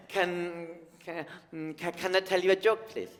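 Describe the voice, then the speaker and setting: Man doing a high, stammering small boy, eager, live theatre reverb. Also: steady tone, a little slow. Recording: long hall reverb.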